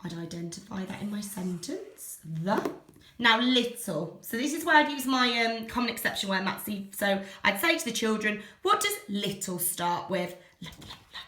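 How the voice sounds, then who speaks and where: A woman teacher demonstrating phonics and sentence writing, slowly sounding out letters and words. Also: medium pitch, sing-song, sharp tone, echoey room. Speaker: primary school teacher.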